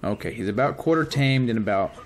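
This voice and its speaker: A man hosting a casual let's-play, reacting excitedly and chatting to the creatures he tames. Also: mid-range voice, a little fast, a little hiss or hum. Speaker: gaming channel host.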